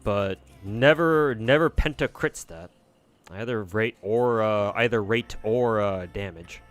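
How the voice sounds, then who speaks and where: A man's voice: lowish voice, slow. A man streaming a game, chatting casually and swearing freely as he mutters to himself. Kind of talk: casual gameplay commentary. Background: faint game music.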